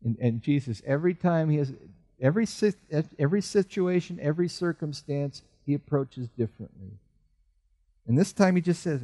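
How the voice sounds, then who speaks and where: A man's voice: lively intonation, fairly quick, mellow. A man, middle-aged, preaching a sermon earnestly and voicing Bible figures as he goes. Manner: earnest, acts out Bible voices with rising pitch. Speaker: pastor.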